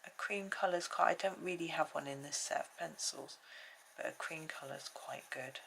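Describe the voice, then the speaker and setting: Low gravelly woman, chatty. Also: normal speed, a bit bright, slight background noise. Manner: chatty, thinking aloud while working. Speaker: colouring channel host. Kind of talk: casual colouring tutorial narration. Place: at home.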